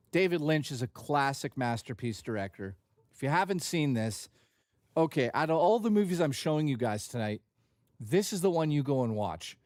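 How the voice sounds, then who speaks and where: A man's voice: fairly high pitch, animated, moderate pace, darkish tone, dry recording, clean studio sound. A man hosting a livestream, talking in a casual, jokey and profane way. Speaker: livestream host.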